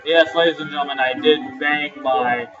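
A tipsy young man co-hosting a game playthrough, joking and bursting into shouts. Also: on the high side, fairly even intonation, moderate pace. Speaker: let's play co-host. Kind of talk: casual gaming banter. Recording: lo-fi, off-mic, game music behind.

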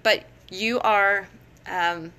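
A woman's voice: medium pitch, fairly even intonation, extremely slow, sharp tone, clear, resonant tone. A middle-aged woman giving casual, conversational teaching advice on a live stream, laughing often between points. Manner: conversational, frequent laughs and fillers. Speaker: teacher and education blogger. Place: home, live phone broadcast.

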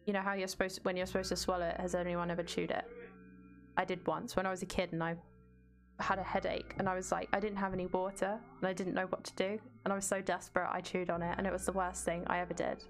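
A woman's voice: lowish voice, level tone, fast talker, a little hiss or hum. A woman streaming a game, chatting casually with viewers and reading the game's narration aloud.

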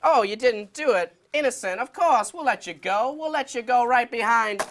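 A man's voice: extremely high pitch, animated, normal speed, a bit bright, exaggerated voice. An actor playing a goofy male police detective who keeps telling corny jokes and laughing at them. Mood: cocky. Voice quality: giggly, punning. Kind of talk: sketch comedy acting.

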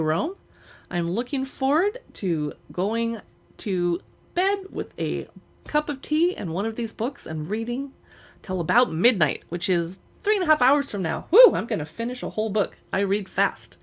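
A woman hosting a livestream, chatting enthusiastically about books and reading a novel aloud. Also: medium pitch. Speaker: book channel host.

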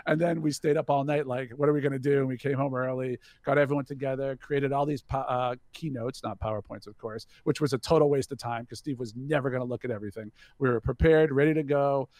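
A man telling an anecdote as a podcast guest, in a casual storytelling style. He acts out the quoted dialogue with animation and stumbles into restarts when he gets excited. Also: medium pitch, fast, few pauses, no echo. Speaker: podcast guest, company CEO.

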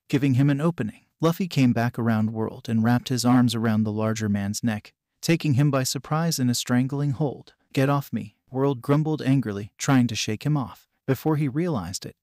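A man narrating a fan-written story, reading it evenly and flatly. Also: medium pitch, no echo, clean studio sound. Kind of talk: read-aloud fanfiction narration.

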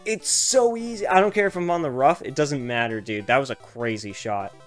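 A young man giving casual, profane gameplay commentary, swinging from loud excited outbursts to low muttering. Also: fairly quick, soft background music. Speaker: gaming streamer.

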